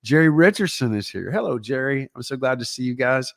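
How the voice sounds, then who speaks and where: A middle-aged pastor with a Texan accent talks casually to his livestream viewers from home, rambling and upbeat as he greets them one by one. His voice sits at an ordinary middle pitch. The sound is dry and close, with no room echo. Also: expressive, a little fast, vocal fry, fairly bright tone.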